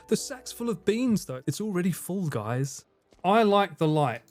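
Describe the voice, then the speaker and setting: A man's voice: sits high, sing-song, a little slow, pauses often, over music. A man from the UK, chatting casually on a gaming livestream, joking, swearing freely and laughing a lot. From United Kingdom.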